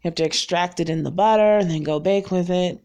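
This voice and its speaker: Speaking fast in a low, mellow voice, a woman around forty rambles casually to her viewers, laughing often and staying frank and self-deprecating. The vlogger comes from North Carolina and was raised in Virginia.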